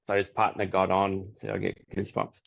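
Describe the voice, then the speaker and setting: A man, a psychic medium, telling stories in a relaxed podcast chat and laughing often. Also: low voice, fairly quick, gravelly. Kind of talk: casual podcast interview. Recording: dull lo-fi audio.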